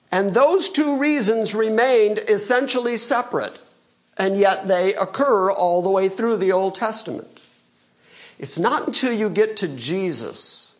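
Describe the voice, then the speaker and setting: A male pastor preaching a sermon and reading scripture aloud, conversational, with playful asides. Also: high voice.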